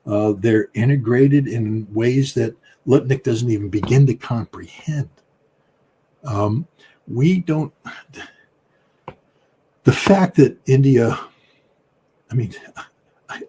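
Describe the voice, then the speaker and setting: A man with a husky, slightly breathy voice gives political commentary. He talks emphatically and combatively. His voice jumps up in pitch and loudness to hammer home his points. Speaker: political commentator, former weapons inspector.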